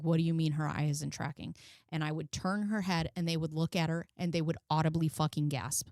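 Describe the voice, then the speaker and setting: On her commentary channel, a forties-aged woman shares a personal story in a blunt, casual way, cursing often and sounding emotional, near tears. Her voice is on the low side, captured with clean studio sound and no room sound.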